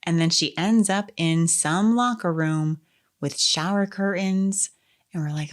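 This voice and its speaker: A woman's voice: on the low side, a little slow. A woman co-hosting a podcast, animatedly retelling a film and acting out its lines in casual chat. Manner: animated storyteller, acts out quotes. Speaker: podcast co-host.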